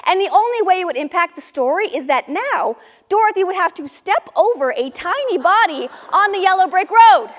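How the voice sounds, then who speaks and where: A middle-aged woman performing a comic memoir monologue on stage, with indignant, lively storytelling. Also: very high voice, brisk. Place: live theater stage. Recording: reverberant hall.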